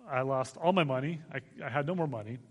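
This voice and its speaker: A man in his forties from Arizona, a guest missionary speaker giving an animated testimony to a church, laughing as he tells it. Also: mid-range voice, fast, husky, in a large hall. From Arizona, United States. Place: church sanctuary.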